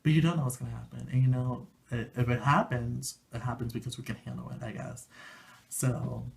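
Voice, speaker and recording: A man chatting through a casual video review in a middle-pitched voice, rambling with fillers and restarts. He gushes eagerly, sometimes trailing into quiet murmurs and sometimes jumping up into high squeals. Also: a little fast, vocal fry. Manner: excitable, gushing, swings from soft murmurs to high squeals. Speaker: anime reviewer.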